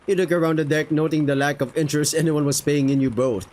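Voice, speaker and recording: Young man, reads game text aloud, casual, curses at his mistakes, slightly high voice. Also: fairly even intonation, quick pace, hardly any pauses, a little mellow. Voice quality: casual, swears in reactions. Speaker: visual novel player reading aloud. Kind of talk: reading a game aloud with asides.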